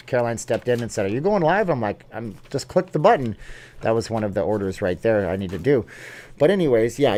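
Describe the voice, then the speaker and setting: A man's voice: fairly low pitch, a little mellow. A man hosting a casual livestream vlog, chatting in an upbeat way and jumping between topics as he reads viewer comments. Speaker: YouTube vlog host.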